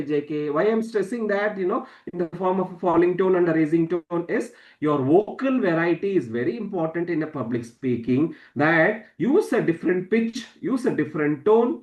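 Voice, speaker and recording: A man with a fairly high voice teaches an online class, his sound bouncing around an echoey room. He leans hard on key words, repeats them for emphasis, and swings his pitch up and down on purpose to make his point. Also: phone-quality sound. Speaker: public speaking trainer. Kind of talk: online masterclass lecture.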